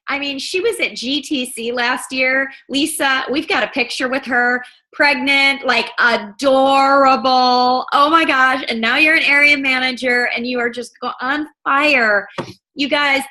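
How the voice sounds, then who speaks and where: A woman hosts a team video call, rallying her listeners with an enthusiastic sales pep talk and a steady stream of "you guys". Her voice is high and bright, with a sharp, forward edge. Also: low-quality recording.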